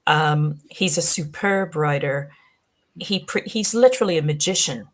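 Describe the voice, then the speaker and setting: A woman talking on a fan panel in casual chat, halting with restarts and fillers, her voice worn tonight. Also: sits low. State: voice going tired. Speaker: podcast panelist.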